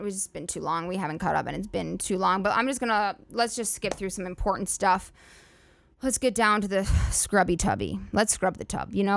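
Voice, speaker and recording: A woman's voice: mid-range voice, no echo. Profane rambling woman podcast host, dry sound. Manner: profane, rambling, filler-heavy "like" talk. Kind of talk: solo comedic monologue.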